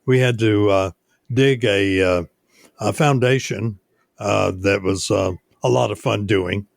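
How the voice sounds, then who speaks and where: An older man, a radio station owner, telling stories unhurriedly in a casual interview, with many pauses. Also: on the low side, gravelly, dry recording, studio quality. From United States.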